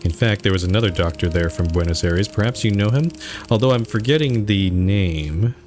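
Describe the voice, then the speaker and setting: Man reading a brisk, polite woman administrator, low-voiced, game dialogue. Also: a little mellow, soft background music, natural voice. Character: woman, senior dental office administrator, polite.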